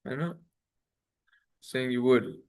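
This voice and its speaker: A man's voice: medium pitch, unhurried, darkish tone, clean tone. A man teaching a religious law class, chanting Hebrew passages and then explaining them in a conversational way. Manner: reads Hebrew text in a singsong chant, then translates; conversational, self-correcting. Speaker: rabbi teaching a halacha class. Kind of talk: Talmudic study lesson.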